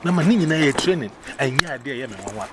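A man with a Ghanaian accent telling a personal story in casual, animated speech, acting out the voices he quotes. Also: medium pitch, quick pace, heavy background noise.

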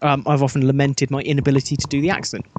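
A man's voice: mid-range voice, monotone, rapid-fire, slight background noise. A man from England's Black Country hosting a podcast in casual chat, dry and jokey with self-mocking asides. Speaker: podcast host.

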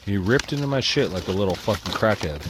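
Low-voiced man in a profane rant. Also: lively intonation, fast, heavy background noise. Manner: agitated, swears constantly, mutters to himself. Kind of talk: profane ranting monologue.

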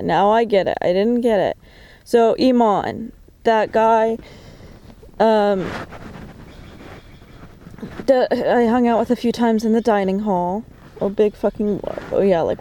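A woman talking to a phone camera in a diary-like monologue, agitated and suspicious, swearing often, with many fillers and halting restarts. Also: medium pitch, warm tone.

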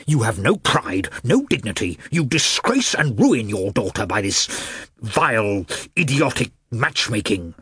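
Ranting old aristocrat father, loud and scornful, husky edge, dry sound, read by a man. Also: on the low side, very animated, a little slow, no room sound, exaggerated voice. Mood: angry. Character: irate elderly male prince, blustering father.

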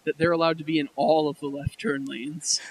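A man's voice: on the high side, flat delivery, fairly quick, low-quality recording. A young man in casual chat, rambling and laughing often as he complains.

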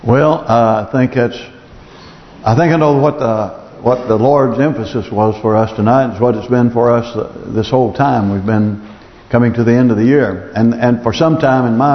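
A man's voice: mid-range voice, normal speed. A man preaching as pastor in a church, earnest and pleading, repeating phrases for emphasis. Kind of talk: sermon. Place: church sanctuary. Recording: dull sound with long hall reverb.

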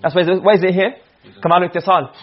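A husky, high-pitched man talks very fast in a steady tone while lecturing a class on Arabic rhetoric. His pattern is to read an Arabic phrase, explain it in English, then check understanding with "okay?" or "you understand?" Sound quality is dull and lo-fi.

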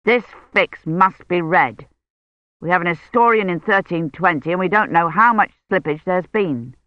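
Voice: mid-range voice, moderate pace, no room sound, natural voice. A reader voicing an older male academic who presses urgently for help. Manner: urgent, persuasive. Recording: dull lo-fi sound.

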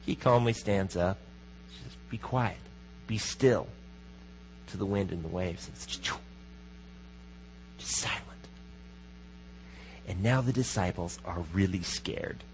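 A man preaching a sermon as pastor, in a conversational manner, often asking the congregation questions and dropping to a hushed voice for emphasis. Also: medium pitch, slight background noise, low-quality recording.

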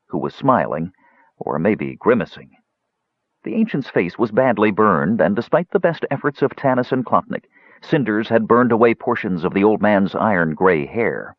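Male fantasy narrator, low and lively, dry dull lo-fi sound. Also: no echo. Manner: expressive, measured reading. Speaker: audiobook narrator.

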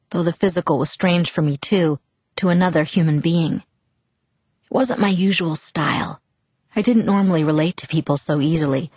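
A woman narrating a first-person novel as an audiobook, steady and reflective. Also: sits low, dry recording.

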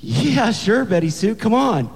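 A man voicing a nervous teenage boy who stammers in a raised, high voice, heard in a large echoing hall. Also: moderate pace, natural voice. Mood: flustered. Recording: long reverb of a large hall.

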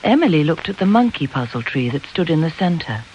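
Measured storybook narrator, mid-range voice, slightly dull lo-fi recording. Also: medium pitch, sing-song, a little mellow, a little hiss or hum. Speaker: audiobook narrator. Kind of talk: scripted narration.

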